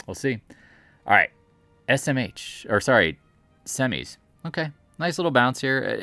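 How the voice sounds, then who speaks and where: A man's voice: medium pitch, fairly bright tone, dry recording. A man giving a casual, rambling, jokey commentary while reviewing stock charts at home. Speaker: market commentator.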